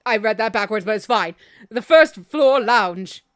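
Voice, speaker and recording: A woman's voice: a little high, expressive, unhurried, fairly bright tone, dry recording, clean studio sound. A woman streaming a game, making chatty, giggly asides between reading lines. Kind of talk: casual game playthrough commentary.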